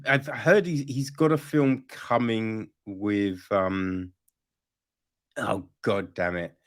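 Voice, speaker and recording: A man hosting a podcast, talking casually about films in a halting way with many restarts. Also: lowish voice, steady tone. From Britain. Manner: halting, restarts, laughs easily. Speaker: podcast host.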